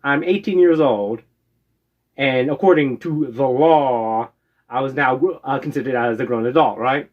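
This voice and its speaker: A man's voice: medium pitch, a little slow. An American man casually telling stories from his past, rambling with lots of "uh"s and a habitual "right?". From United States. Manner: rambling, many "uh"s and tag "right?". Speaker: storyteller. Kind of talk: casual storytelling. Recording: dull lo-fi recording.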